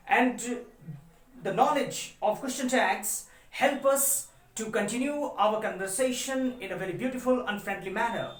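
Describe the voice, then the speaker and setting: A woman gives a deliberate classroom grammar lesson, repeatedly urging her listeners to understand. Her voice sits a little high. It rings in a roomy space and comes from some distance off the mic. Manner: deliberate, repeats "try to understand" while explaining. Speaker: English teacher. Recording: roomy echo, voice from far off the mic.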